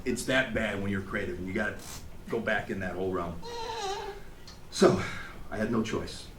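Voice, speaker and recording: A man giving an emotional, animated storytelling speech to an audience at an event, acting out what people said. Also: fairly low pitch, normal speed, background noise. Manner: animated, acts out quotes, laughs along. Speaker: graduating student giving a speech. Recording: echoey hall, faint ambience.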